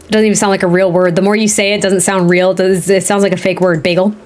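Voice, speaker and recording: A woman's voice: mid-range voice, little pitch movement, fast talker, a little mellow. A woman in her thirties chatting casually on a gameplay stream, rambling and laughing often. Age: 30s. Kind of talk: casual livestream chat while playing.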